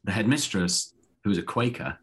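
Deep-voiced man, chatty actor. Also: normal speed, a little hiss or hum. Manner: chatty and self-deprecating, with many restarts. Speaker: actor, guest. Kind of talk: casual interview chat.

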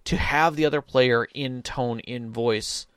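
A man's voice: medium pitch, unhurried, fairly bright tone, clean tone, no room sound, studio quality. A man and podcast co-host who runs tabletop games, chatting casually and retelling a table story with energy. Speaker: game master, podcast co-host.

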